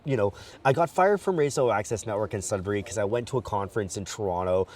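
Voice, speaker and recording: A man's voice: on the low side, fast talker. A man as a guest, frankly telling his story while walking outdoors at night. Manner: animated and frank, acts out quotes. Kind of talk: candid personal storytelling. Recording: distant mic, faint outdoor noise.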